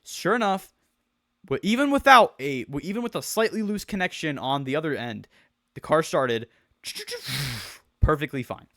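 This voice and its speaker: A man's voice: a little high, lively intonation, normal speed, pauses often, a bit bright, dry recording. Rambling young man, dry close sound. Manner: rambling, restarts, slangy, swears. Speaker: streamer. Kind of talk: casual storytelling rant.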